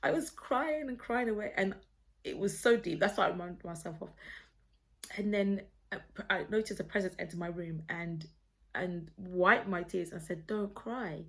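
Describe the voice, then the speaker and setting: A woman's voice: on the low side, moderate pace, fairly bright tone. Earnest woman rambling through a testimony. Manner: earnest and rambling, with many restarts. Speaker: vlogger sharing a personal testimony. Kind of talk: casual storytelling to camera. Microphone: phone camera.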